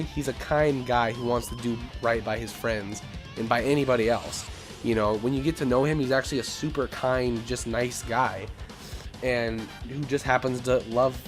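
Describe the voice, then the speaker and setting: A young man hosting a casual video, rambling and laughing as he talks, often repeating himself. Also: medium pitch. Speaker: YouTube host. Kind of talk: casual ranking commentary.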